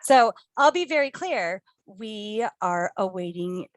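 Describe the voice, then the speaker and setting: A woman's voice: medium pitch, expressive, slow, no echo. Reflective woman, dry close sound. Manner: conversational, reflective, talks to the audience. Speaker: co-host presenter. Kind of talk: motivational talk.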